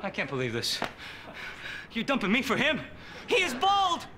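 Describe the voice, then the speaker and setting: High, lively shouting hothead, noisy recording. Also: male voice, normal speed, heavily acted. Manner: loud, cocky, shouting. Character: brash high-voiced man, jealous boyfriend and pub tough.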